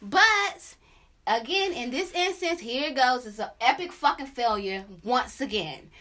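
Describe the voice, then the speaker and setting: A young woman hosts a casual podcast with a high, bright voice. She tells the story in animated, profane chat and breaks into sung la la la asides. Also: moderate pace. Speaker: podcast host.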